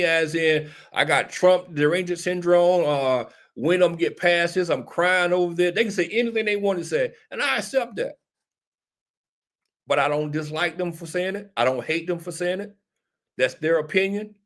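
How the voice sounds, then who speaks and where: A man hosting casual political commentary, talking directly to a live audience and answering viewers. He is emphatic and repeats his points like a sermon. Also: a little high. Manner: emphatic and repetitive, preachy. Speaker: talk show host.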